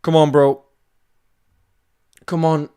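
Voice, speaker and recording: A man hosting a live fan watchalong, calling the play, repeating himself, and swinging between frustration and shouting. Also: on the high side, slow pace, clean tone. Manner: emotional, swings from frustrated to screaming excitement; calls play by play, repeats phrases.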